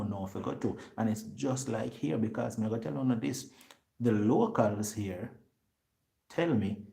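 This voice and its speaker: Speaking in animated patois, this Jamaican man relates a story to his vlog audience and performs the other people's lines himself. His voice is gravelly and medium in pitch.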